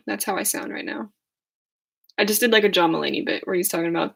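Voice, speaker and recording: A hoarse young woman chatting casually on a livestream, rambling and laughing at herself. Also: fairly low pitch, fairly quick, fairly bright tone. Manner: rambling, giggly, self-deprecating. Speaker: livestream host.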